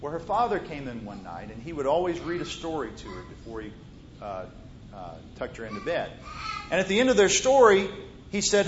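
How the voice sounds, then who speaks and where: A man's voice: sing-song, a little fast. Preacher man in an echoey church. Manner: swings from loud emphatic to soft, hushed storytelling. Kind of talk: sermon with storytelling. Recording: roomy muffled hall recording, faint rumble.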